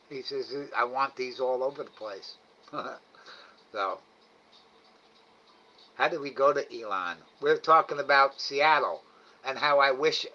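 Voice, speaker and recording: Slow rambling man on a dull stream mic. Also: medium pitch, pushed and bright. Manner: rambling, chuckling, trailing off often. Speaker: livestream host. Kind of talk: casual chat reading viewer comments. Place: home, live night cam stream. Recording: slightly dull lo-fi stream audio.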